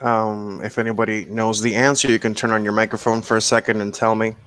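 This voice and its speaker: A man's voice: on the low side, flat delivery, brisk, fairly bright tone, smooth. A man teaching an online English class, explaining step by step in a patient way and often checking in with "okay?". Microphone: computer mic on a video call.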